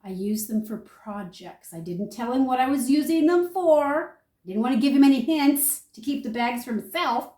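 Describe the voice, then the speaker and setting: An older homesteading woman tells her story with animated, chatty energy. Her voice sits a little high, and it rings in an echoey room. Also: moderate pace, recorded from a distance. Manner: chatty, animated storyteller, talks viewers through each step. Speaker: homesteader demonstrating food storage. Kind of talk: casual how-to and storytelling.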